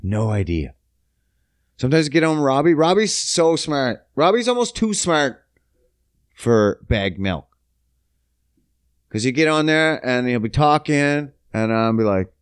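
A man's voice: mid-range voice, big pitch swings, measured pace, pauses often, smooth, dry recording, clean studio sound. A man rambling through a casual comedic monologue, swearing freely and joking at his own expense. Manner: rambling, profane, self-mocking.

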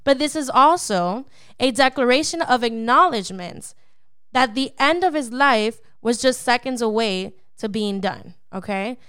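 A woman's voice: a little high, lively intonation, unhurried, fairly bright tone, clean tone, no echo, studio quality. A woman co-hosting a devotional Bible podcast, teaching in an emphatic, preacherly way and often checking in with the listener. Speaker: podcast co-host.

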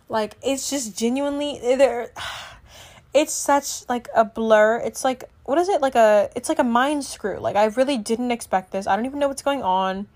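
A woman's voice: fairly high pitch, moderate pace, darkish tone. Chatty teenage girl, lots of "like". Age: teens. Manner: rambling, chatty, filler-heavy with lots of "like"; self-correcting, trails off and restarts. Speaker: vlogger. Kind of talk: casual chat to camera.

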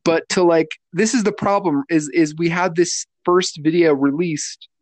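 Higher-voiced man explaining, dry sound. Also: normal speed, a little mellow, no echo. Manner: explains carefully, restarts and clarifies. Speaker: podcast co-host. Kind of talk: casual commentary chat.

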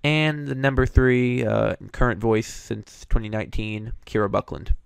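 A man's voice: medium pitch, steady tone, normal speed, vocal fry, clean tone. A young man hosting casual commentary, an opinionated, chatty fan. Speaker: show host reviewing voice actors.

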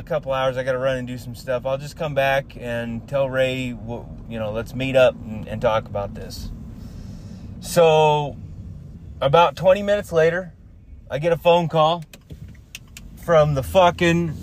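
A man's voice: on the high side, slight background noise. A man who works as a contractor, telling a story in a heated, profane rant full of swearing and restarts. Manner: rambling, with many fillers and restarts.

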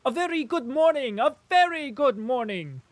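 A man voicing a merry German farmer who greets and cheers loudly. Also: very high voice, animated, moderate pace, no echo, voice pushed up. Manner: jolly, cheering.

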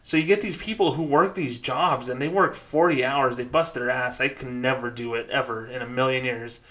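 A man's voice: medium pitch, moderate pace, a bit bright. A man hosting a solo podcast, ranting casually with frequent swearing and restarts. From New Mexico, United States. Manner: profane, exasperated, rambling. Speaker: podcast host.

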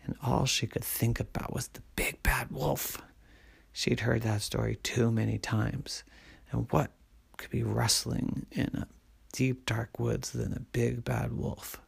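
A man reading a whispered bedtime story in a hushed, lulling voice. His tone is heavily gravelly and breathy. He drifts along at a slow pace. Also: medium pitch, level tone.

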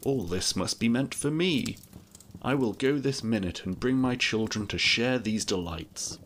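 A man's voice: mid-range voice, a little slow, a bit bright, slight background noise, voice pushed up, close to an everyday voice. A man voicing a frightened old merchant who begs and pleads anxiously. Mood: delighted. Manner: begging and anxious.

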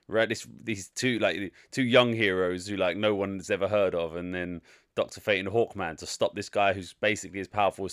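Deep-voiced man reviewing a film. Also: a bit bright, dry recording, clean studio sound. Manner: frank, rambling, opinionated. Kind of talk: casual spoken movie review.

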